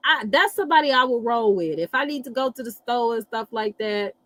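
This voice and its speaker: A middle-aged woman hosting a casual live chat, animated and blunt, swearing freely and reacting to viewer comments. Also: on the high side, a little fast, no echo, rough recording. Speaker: livestream host reading astrology.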